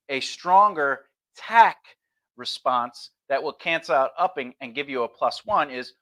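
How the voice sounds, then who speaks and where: A man with a fairly high, bright and forceful voice teaches conversation skills on a casual livestream. He talks loosely and chattily, often slipping into quick acted-out example replies. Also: lively intonation.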